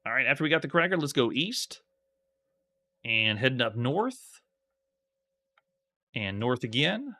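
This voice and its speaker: A man with a bright, forceful voice commenting on a live retro game stream. He calls out moves one by one and reads the game text aloud, breaking off now and then for friendly asides to his viewers. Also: mid-range voice, sing-song, a little slow, long pauses. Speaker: streamer playing retro games.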